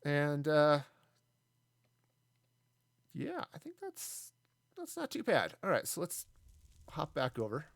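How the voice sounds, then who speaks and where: Lively, rambling male game streamer. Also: fairly high pitch, takes it slowly, gravelly, long pauses, no echo. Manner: rambling, jokey, talks to himself and to chat. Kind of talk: casual live gameplay commentary.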